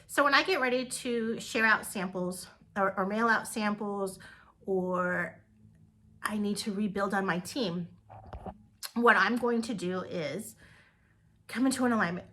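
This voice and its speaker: A woman's voice: mid-range voice, pushed and bright, a little hiss or hum. A woman giving an upbeat motivational talk to her direct sales team, repeating words for emphasis.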